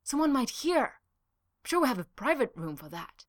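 A woman's voice: sits high, big pitch swings, normal speed, pitched above the performer's own voice. A woman reading aloud and voicing an eager, naive young office colleague who talks earnestly.

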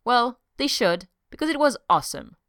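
A woman reading a brash, excitable man in an audiobook, blurting his lines a little higher than her narration. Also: normal speed, dry recording, studio quality. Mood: excited.

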